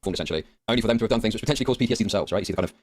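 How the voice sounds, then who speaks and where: A man's voice: on the low side, rapid-fire, no room sound, studio quality. A man interviewing a guest, pressing his points with rhetorical questions. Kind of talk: casual interview talk.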